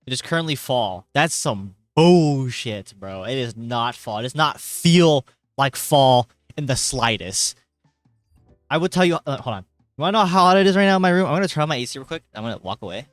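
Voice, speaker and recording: A man's voice: mid-range voice, lively intonation, a little fast, no echo. A young man talking casually on a late-night live stream from his bedroom, rambling and joking as he greets viewers with sudden bursts of energy. He sounds a little tired. The sound is dry and close, with faint music underneath. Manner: rambling, jokey, reads chat aloud with sudden loud greetings. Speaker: livestreamer. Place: hot bedroom.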